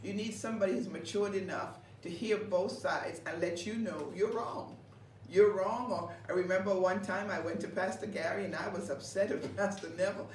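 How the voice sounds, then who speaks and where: Woman pastor, broadcast co-host, lively storyteller; roomy sound with faint noise. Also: fairly low pitch, brisk, hardly any pauses. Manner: lively storytelling, laughs often, repeats words. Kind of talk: conversational ministry broadcast. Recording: roomy, distant mic with faint background noise.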